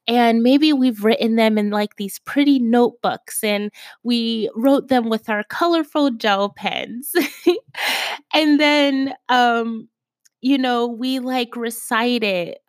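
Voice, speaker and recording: A young woman hosting her own podcast in casual chat, her voice raspy from a cold, talking with lots of fillers and repeated asides to her listeners. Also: a little high, dry recording, clean studio sound. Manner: chatty, lots of fillers, keeps saying "you guys". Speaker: podcast host.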